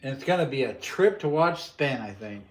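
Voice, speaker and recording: A man's voice: mid-range voice, animated, moderate pace, a little hiss or hum. A man hosting a casual livestream, talking through a build in a rambling, joking, technical way.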